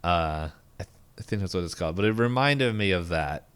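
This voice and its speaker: A man's voice: sits low, expressive, a bit bright, clean tone. A man casually recapping a cartoon episode on a podcast, rambling with fillers. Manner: rambling, lots of fillers, acts out characters' lines in quick voices. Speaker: podcast co-host.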